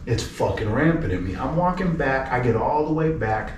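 A man's voice: medium pitch, moderate pace, far from the mic. A young man tells a story as a podcast guest, swearing freely and acting out the other people in it. His voice sits in the middle of the male range. He sounds set back from the mic in a roomy space with a faint hiss behind him. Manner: profane, animated storyteller who acts out the people in his story. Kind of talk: casual storytelling.

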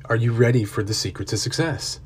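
A man voicing a stern older millionaire mentor, speaking low, calm and commanding. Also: a little fast, slightly rough.

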